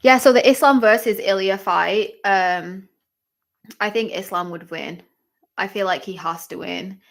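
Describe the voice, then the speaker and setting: A woman hosting a live fight-watching stream, chatty and excitable, with lots of exclamations and fillers. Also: medium pitch, unhurried, gravelly. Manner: chatty, filler-heavy talk. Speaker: livestream host.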